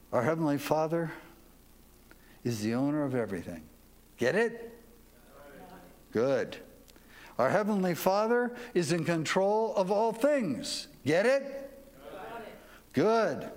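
Brief: male pastor, sermon, folksy, slow and very expressive delivery. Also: fairly high pitch. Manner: folksy, asks the congregation to repeat after him.

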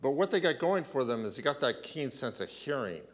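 A man preaching a sermon, asking rhetorical questions and often clearing his throat. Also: medium pitch, sing-song, fairly quick. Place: church.

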